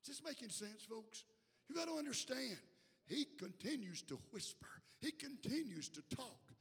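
A male bishop preaching a sermon in a church, swinging from quiet asides to shouted calls to the congregation. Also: very high-pitched, big pitch swings, moderate pace, breathy edge, long reverb tail. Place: church sanctuary.

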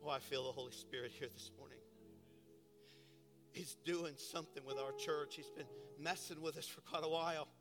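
A pastor preaching a sermon, building to impassioned, shouted declarations in a church sanctuary. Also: male voice, on the high side, steady tone, normal speed. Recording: reverberant church hall with piano.

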